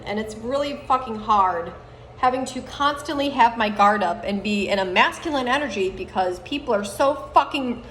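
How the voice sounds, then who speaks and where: Woman, thirties, angry profane rant, higher voice, loud outbursts and low muttering. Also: slight background noise. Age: 30s. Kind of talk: angry monologue to camera.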